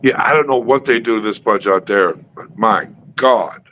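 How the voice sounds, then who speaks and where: A man hosting a casual live stream chat, talking in a relaxed way and often repeating words as he starts his sentences. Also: lowish voice, normal speed, a little hiss or hum, rough recording.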